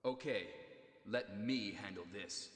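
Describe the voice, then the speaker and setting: A gruff squad member in an echoey hall. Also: male voice, on the low side, slow pace. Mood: warning.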